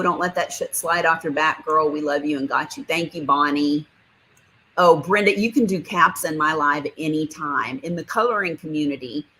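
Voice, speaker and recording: A woman with a notably low-pitched voice hosts a relaxed livestream. She reads viewer comments aloud and answers them in a chatty, friendly way, laughing often. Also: slight background noise, low-quality recording. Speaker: livestream host. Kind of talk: casual livestream chat reading viewer comments.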